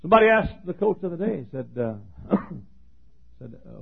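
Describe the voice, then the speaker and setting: A husky male pastor preaching a folksy, joking sermon that swings from hushed talk to shouting. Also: high voice, big pitch swings, moderate pace. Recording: tinny lo-fi sermon recording.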